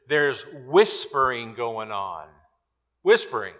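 A male pastor preaching a sermon slowly and emphatically, repeating key words. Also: medium pitch, animated, fairly bright tone. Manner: slow, emphatic preaching with repetitions. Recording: long hall reverb.

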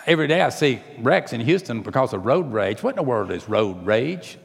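A preacher delivers his sermon with a gravelly edge to his voice. He surges into loud, quick, emphatic runs, then drops to slow and quiet. His words ring out with the long reverb of a church hall. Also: medium pitch, big pitch swings. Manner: rising to emphatic, rapid bursts then slowing to quiet, drawn-out phrases.

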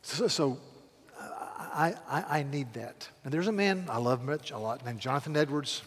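A man preaching a sermon with passion, swinging between loud calls and hushed, pleading lines. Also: a little high, measured pace, breathy edge, big-room sound. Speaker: pastor.

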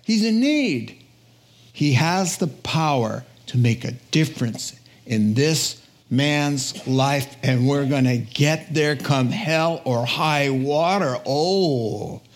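A man, preaching a lively storytelling sermon, laughing often and dropping to a whisper for quiet lines. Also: fairly high pitch. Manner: animated storytelling, acts out quoted voices, drops to a whisper at times, laughs often. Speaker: pastor.

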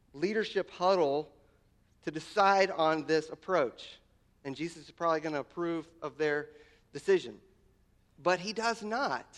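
A man with a high, light voice delivers a sermon. He leans on repetition and lifts his voice to stress key phrases, often restarting his words mid-thought. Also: fairly bright tone. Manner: emphatic, repeats words, voice rises on key lines. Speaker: pastor.

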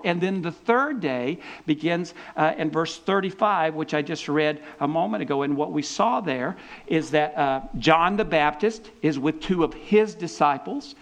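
A man with a fairly high voice teaches from scripture in a relaxed, conversational way. He turns lively as he retells the story. He often stumbles and restarts his sentences as he goes. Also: normal speed. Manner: animated storytelling with repeated restarts. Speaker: preacher.

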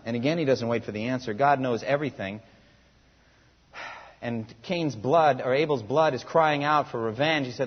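A man's voice: medium pitch, moderate pace, breathy edge. A male pastor preaching a sermon, asking the congregation rhetorical questions and reading scripture aloud with rising emphasis. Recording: muffled recording in a reverberant hall.

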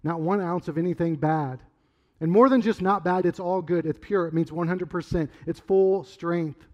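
A middle-aged man preaching a sermon in a loose, conversational way, rambling through stories and sometimes shouting. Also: on the high side, moderate pace, highs cut off. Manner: conversational, rambling storyteller with sudden loud outbursts. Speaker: pastor.

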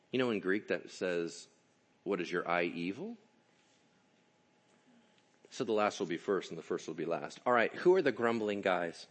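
A male pastor delivers a sermon with a low voice that swings widely in pitch. He acts out the people in his story, jokes, and throws questions at his congregation. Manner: animated, acts out voices, jokes and asks the crowd.

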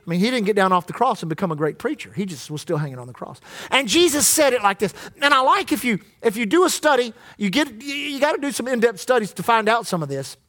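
Man, pastor, preaching, sermon, call-and-response, church, very high-pitched. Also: very animated, fast talker, few pauses, fairly bright tone.

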